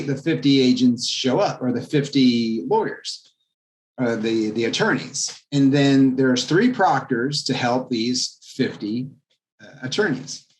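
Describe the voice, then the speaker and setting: A man, a real estate agent, telling an anecdote as a guest in a podcast interview, in a lively storytelling manner. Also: medium pitch. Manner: animated anecdote telling, acts out quoted voices.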